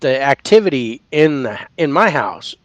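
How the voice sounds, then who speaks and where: A man co-hosting a casual paranormal podcast, telling a story with lively acted-out reactions. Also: mid-range voice, moderate pace, no room sound. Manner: animated storyteller, acts out his own reactions loudly. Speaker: podcast co-host.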